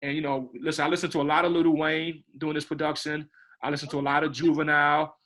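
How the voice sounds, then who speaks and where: A man speaks as a film director in a loose, rambling interview, circling back and repeating himself. His voice is bright and sits fairly high. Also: little pitch movement, quick pace. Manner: rambling, repeats words, says "you know what I mean". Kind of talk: casual interview talk.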